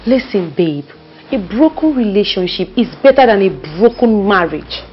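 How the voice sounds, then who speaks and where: An actress playing a best friend who coaxes and comforts, speaking with a Nigerian accent and Pidgin turns. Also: female voice, medium pitch, normal speed, dull audio, soft background music, lightly acted. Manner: emphatic, coaxing, lively. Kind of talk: Nollywood film acting.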